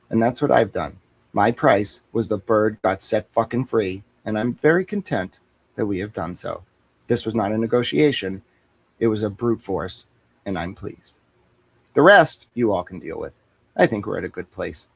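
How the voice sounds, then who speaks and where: A man's voice: lowish voice, animated, normal speed, vocal fry, husky, no room sound. A man on a boxing talk stream, joking and boasting in profane, rambling riffs. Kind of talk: casual livestream banter.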